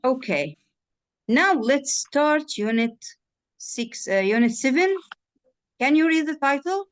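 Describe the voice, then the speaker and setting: A woman with a high, lively voice speaks slowly as she tutors English over a video call. She is a native Arabic speaker, patiently drilling words in this one-on-one online lesson and checking that her student understood.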